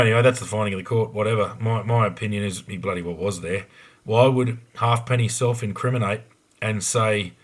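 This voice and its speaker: A man's voice: fairly low pitch, a bit bright. An Australian man, a former police investigator, telling a case story on a podcast in a blunt, frank way with a lot of ums and restarts.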